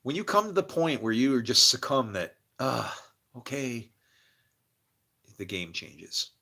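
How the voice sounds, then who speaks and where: Man, rambling religious monologue, murmurs then loud bursts, middle pitch, bright tense voice. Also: big pitch swings, a little slow, creaky, husky. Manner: preachy and intense, swinging from murmurs to loud bursts; laughs between phrases.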